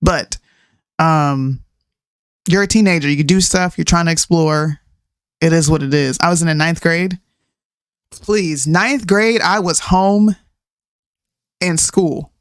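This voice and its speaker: A woman in her thirties, a podcast co-host, chatting casually and ranting in an animated way, mixing in slang and laughs. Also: on the low side, slow, long pauses, no echo, studio quality. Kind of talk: casual chat.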